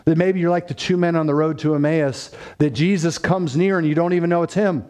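Mellow-voiced man preaching earnestly. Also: fairly high pitch, fairly even intonation, brisk. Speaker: pastor. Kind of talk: sermon.

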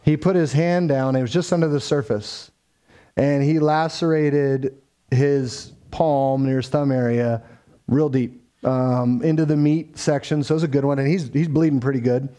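A man's voice: mid-range voice, steady tone, normal speed, warm tone. A man telling a family story in a casual, faith-tinged way, acting out the dialogue. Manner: conversational, acts out quoted dialogue, frequent fillers.

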